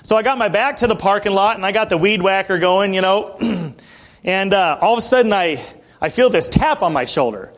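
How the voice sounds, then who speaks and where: High-voiced preacher telling a story. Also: male voice, expressive, fairly quick. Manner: conversational, frequently clears his throat. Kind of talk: storytelling sermon. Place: church building.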